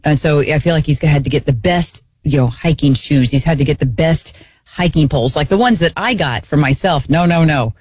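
A woman's voice: sits low, a little fast, a little mellow, husky, no echo. Chatty woman, dry close sound. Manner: chatty, rambling, sarcastic with laughs. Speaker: guest shopper. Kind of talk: casual chat.

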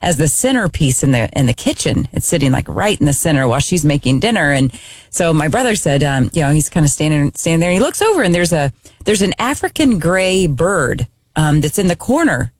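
A woman's voice: sits low, brisk, slight background noise. A woman co-hosting a radio show, telling a story in casual chat and acting out the people in it. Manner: animated storyteller, acts out quotes. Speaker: radio co-host. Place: radio studio.

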